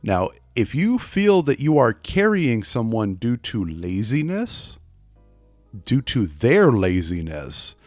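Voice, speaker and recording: Slow-talking casual male instructor. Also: on the low side, a little mellow, no room sound. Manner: chatty, jokey asides, puts on voices for examples. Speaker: wrestling class instructor. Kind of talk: casual spoken lesson.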